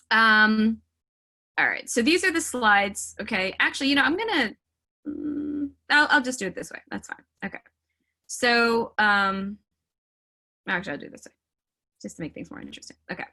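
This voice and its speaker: A woman leading a casual sales training call over a video meeting, chatty and full of fillers. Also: mid-range voice. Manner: chatty, filler-heavy, animated.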